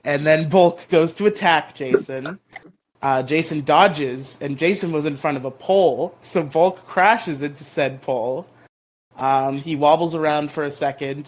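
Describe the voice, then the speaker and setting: A man co-hosting a podcast, recapping episodes in a rambling, casual way with lots of ums and bursts of playful mock outrage. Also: a little high. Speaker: podcast co-host.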